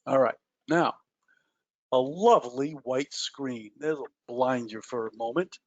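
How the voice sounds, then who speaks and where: A man's voice: mid-range voice, takes it slowly, a little mellow, no room sound. Guy running a trading webinar, rambly w lots of ums, cracks little jokes at himself, dull lo-fi sound, dry. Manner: loose and chatty, many ums and uhs, self-mocking jokes. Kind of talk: explaining at a whiteboard in a webinar.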